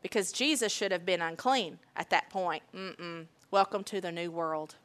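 A woman preaching a sermon, emphatic and deliberate, repeating key phrases. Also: fairly low pitch, a bit bright.

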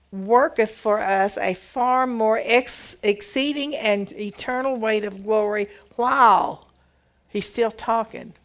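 A woman giving a conversational Bible teaching, reading verses aloud and explaining them with emphatic repetition. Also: fairly high pitch.

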